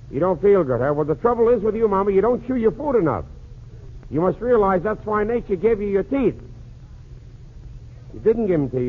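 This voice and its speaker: A man with a high voice runs a one-sided comic phone call with quick patter. It reaches us as a tinny, narrow-band 1940s radio transcription. A faint hiss sits under it. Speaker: comedian and emcee. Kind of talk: 1940s radio comedy monologue.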